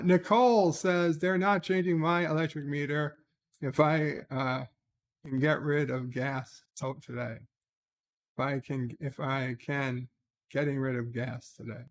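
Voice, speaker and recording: A man's voice: medium pitch, steady tone, unhurried. A man hosting a casual livestream, reading viewer comments aloud and answering each with short asides. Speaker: livestream host.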